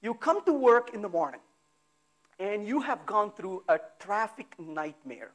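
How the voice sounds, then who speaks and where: A man giving a technical talk at a conference, talking in a lively way, firing off rhetorical questions and acting out exasperated asides. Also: high-pitched, unhurried. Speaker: conference speaker. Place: conference hall.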